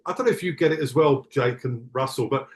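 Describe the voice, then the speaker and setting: A man's voice: medium pitch, fast. A middle-aged man, a tour manager guest on a podcast, chatting casually in a reflective, rambling way with many restarts. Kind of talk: casual chat.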